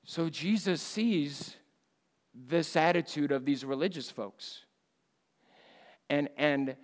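At a church missions conference, a male preacher delivers an animated, emphatic sermon at a slow pace, moving from loud outbursts down to hushed, low lines, with a long reverb tail trailing each phrase.

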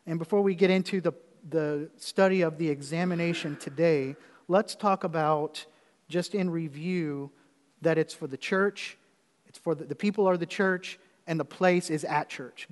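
A man's voice: on the high side, normal speed, in a large hall. A man preaching as pastor, telling a personal story in a conversational way with repeated phrases before moving into the sermon.

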